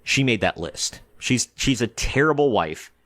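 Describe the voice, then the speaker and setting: A man's voice: mid-range voice, unhurried, no room sound, clean studio sound. Exasperated man ranting about a movie. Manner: animated, exasperated ranting with many fillers; acts out quoted characters in short bursts. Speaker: movie reviewer. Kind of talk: casual film commentary.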